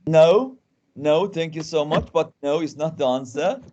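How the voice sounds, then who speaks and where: Male guest lecturer, fairly high voice, interactive, repeats himself, on a video call. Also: unhurried, a little mellow, dull audio. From Iran. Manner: interactive, often restarts and repeats words. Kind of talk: online webinar lecture.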